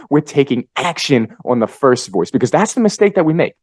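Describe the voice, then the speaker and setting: A man delivers a motivational podcast monologue in a middle-pitched voice. He swings from hushed, low asides to loud, high-energy pep-talk bursts. The recording is dry and close, with no room sound. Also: very animated, fairly quick, hardly any pauses, dry recording. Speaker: podcast host.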